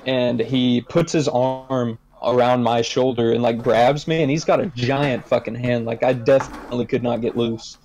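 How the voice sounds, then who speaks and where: A man's voice: mid-range voice, darkish tone, low-quality recording. Laid-back young guy telling a story. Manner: rambling, laid-back, lots of "like". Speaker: podcast co-host. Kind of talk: casual storytelling among friends.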